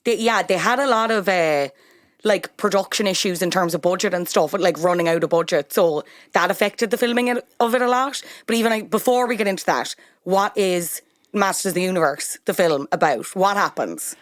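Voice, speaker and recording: A woman's voice: on the low side, a little fast, no echo, clean studio sound. A woman hosting a podcast, asking her guest guiding questions in casual chat and encouraging him along. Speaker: podcast host.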